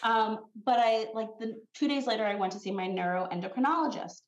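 Woman, skincare founder, podcast guest, animated storyteller, echoey room. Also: fairly high pitch, a little fast, muffled recording. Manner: animated storyteller, acts out quotes. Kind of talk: casual podcast chat.

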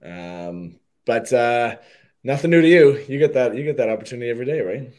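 A man's voice: medium pitch, animated, fairly quick, darkish tone. A man co-hosting a podcast in an easygoing, joking way, his voice a little off from feeling unwell. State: slightly off voice, unwell. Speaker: podcast co-host. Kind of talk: casual podcast chat.

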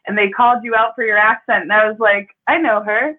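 A woman joins a podcast as a guest, talking casually with fillers and laughing along. Her voice comes through a narrow, tinny line that sounds like a phone call, at a middle pitch. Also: level tone, quick pace. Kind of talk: casual chat.

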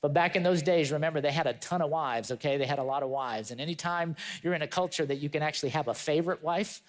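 A male pastor preaching a sermon, retelling a story with lively acted-out voices and chatty asides to his congregation. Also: a little high, fast talker. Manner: animated storytelling, acting out quoted voices.

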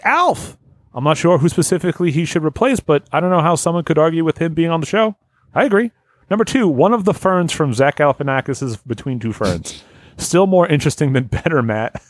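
A man's voice: fairly high pitch, dry recording. A man hosting a casual podcast, reading listener lists aloud, joking and laughing often. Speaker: podcast host.

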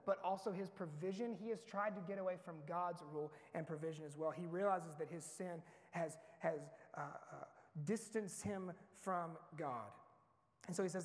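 A man preaching a sermon as the pastor, in an earnest, conversational way that tells the story vividly. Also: high voice. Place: church sanctuary. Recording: long reverb of a large church hall.

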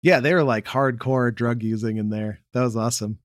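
A young man co-hosting a casual chat, laid-back and quick to laugh. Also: medium pitch, no echo, studio quality. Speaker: podcast co-host.

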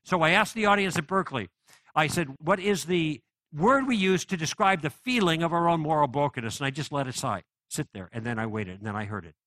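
A middle-aged man lectures on faith and reason with a bright, pressing voice, asking the room rhetorical questions as he builds his case. His pitch sits a little high for a man, and the sound is dry and close. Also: lively intonation, fairly quick, no echo. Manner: conversational and persuasive, with rhetorical questions. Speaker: Christian apologetics speaker. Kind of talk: live apologetics lecture.

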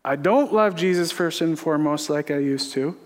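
Middle-aged pastor, earnest confessional sermon, high voice, big echoey church. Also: male voice, normal speed. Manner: earnest, emphatic, laughs at himself. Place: church sanctuary. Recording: echoey hall reverb.

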